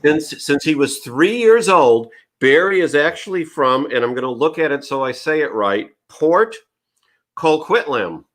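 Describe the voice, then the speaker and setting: Bright-voiced man hosting a live show. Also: on the high side, expressive, normal speed, hardly any pauses. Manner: chatty, upbeat, greets viewers by name. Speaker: livestream show host. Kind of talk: casual live interview.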